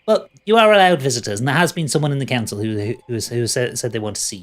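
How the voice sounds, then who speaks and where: A man's voice: medium pitch, fast, natural voice. A man voicing a smug, matter-of-fact male jailer in a tabletop game.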